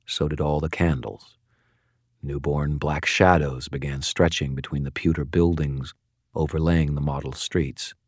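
Deep-voiced male audiobook narrator. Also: darkish tone, no echo, clean studio sound. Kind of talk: first-person novel narration.

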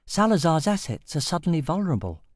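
An eager young woman rebel, bold and urgent, her voice lifted high, as a male storyteller puts her on. The reading is dry and close. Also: sing-song, fast talker, no room sound.

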